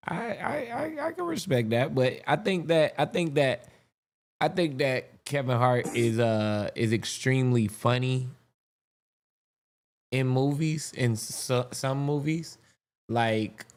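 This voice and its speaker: A man hosting a live podcast stream, chatting casually about comedy clips. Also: mid-range voice. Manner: relaxed, chatty reactions. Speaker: podcast host.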